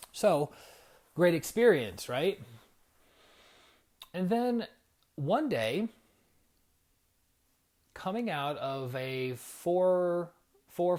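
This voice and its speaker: A man sharing a personal story in a casual livestream. He rambles and reflects, dropping fillers and asides as he goes. His pitch sits in a middle range. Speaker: spiritual coach.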